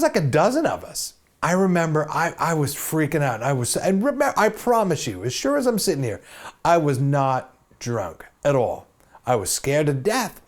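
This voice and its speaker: A middle-aged man telling a personal story in a casual, lively way, laughing often and acting out what people said. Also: medium pitch. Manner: animated, laughs often, acts out quotes. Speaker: host.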